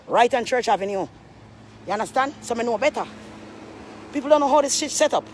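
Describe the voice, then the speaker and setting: A woman's voice: on the high side, animated, a little fast, darkish tone, a little hiss or hum. Emphatic woman telling a story. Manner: emphatic, repetitive, preachy asides. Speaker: vlogger. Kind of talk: rambling storytelling to camera.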